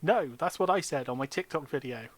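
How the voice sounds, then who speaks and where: Dm guy with a bit of a high voice, chatty and jokey, just shooting the breeze mid-game. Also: fairly quick. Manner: jokey, rambling storyteller. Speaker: dungeon master. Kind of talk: casual chat while running a tabletop game.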